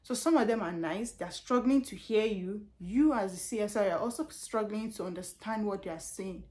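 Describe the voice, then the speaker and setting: A woman's voice: mid-range voice, moderate pace. A young Nigerian woman with a Nigerian accent, a customer service representative chatting casually in a vlog about her job and telling stories with lots of repetition. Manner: animated storytelling with laughs and repetitions.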